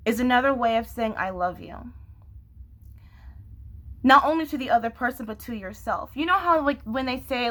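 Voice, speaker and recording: Bright-voiced woman vlogging candidly. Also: fairly high pitch. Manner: candid, laughs often, restarts and fillers. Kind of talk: confessional vlog talk.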